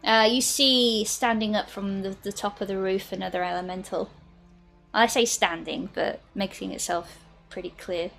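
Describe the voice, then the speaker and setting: A woman narrating a tabletop game as game master, pausing and restarting her sentences often. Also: medium pitch, steady tone, gravelly, a bit bright, faint music behind. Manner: halting, lots of fillers and restarts.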